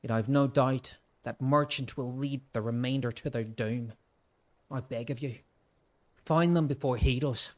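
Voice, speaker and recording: A man's voice: medium pitch, measured pace, close to an everyday voice. A man voicing an earnest game character who pleads in formal, old-fashioned speech. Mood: pleading.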